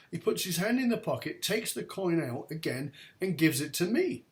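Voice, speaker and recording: A middle-aged man hosting an interview show, telling a story with lively acted-out dialogue. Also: on the high side, brisk, hardly any pauses. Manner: animated storyteller, acts out dialogue loudly. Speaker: podcast host.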